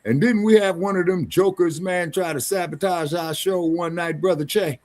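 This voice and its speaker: Blunt talk-show guy co-hosting, slightly high voice, preachy and plain-spoken. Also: normal speed, darkish tone. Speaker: co-host. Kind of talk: casual talk show chat.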